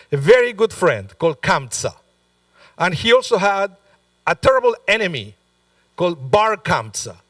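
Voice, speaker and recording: A male rabbi gives a sermon in a chatty, storytelling way, often turning to the listeners with asides. His voice sits a little high, and it is caught dry from a distant microphone. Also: a bit bright, dry recording. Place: synagogue sanctuary.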